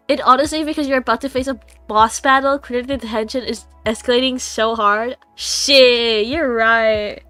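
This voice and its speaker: A woman's voice: fairly high pitch, fairly even intonation, normal speed, hardly any pauses, bright, forceful tone, no echo, faint music behind. A young woman, congested, streaming a game and reading its story aloud, with giggly, chatty asides between the lines.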